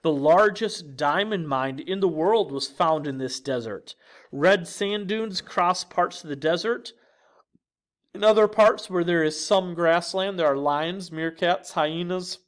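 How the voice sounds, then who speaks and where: A man teaching a recorded geography lesson in a clear, lively teacher's voice, with fillers like uh and um. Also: fairly high pitch, unhurried.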